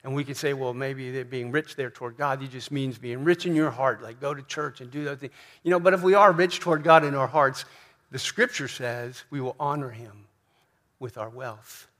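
A man's voice: mid-range voice, fairly even intonation, normal speed, fairly bright tone. A man preaching a sermon in a church, emphatic, often repeating questions and asking "right?". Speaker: pastor.

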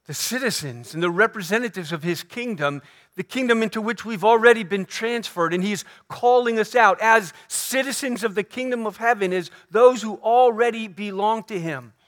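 A man with a high-pitched voice delivers an earnest Sunday sermon from the pulpit. He presses his points by repeating phrases and slowing down to lean on quoted lines. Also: fairly bright tone. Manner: earnest preaching with emphatic repeated phrases and slow stressed quotes. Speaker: pastor. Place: church sanctuary.

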